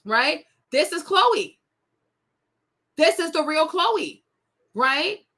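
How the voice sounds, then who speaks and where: A woman's voice: high-pitched, very animated, very slow, bright, forceful tone. A young woman hosting a celebrity gossip show, talking in a sassy, indignant way straight to her viewers. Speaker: host. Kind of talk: casual celebrity gossip commentary.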